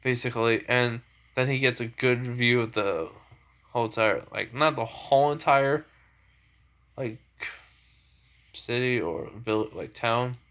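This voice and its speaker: Man, casual improvised story narration, rambling, self-correcting, slow pace, mid pitch. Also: a bit bright, clean tone.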